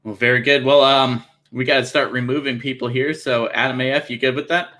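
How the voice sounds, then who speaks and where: Male stream host, bright voice, teasing banter. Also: medium pitch, fairly even intonation, fairly quick, slight background noise. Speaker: show host. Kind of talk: casual livestream chat.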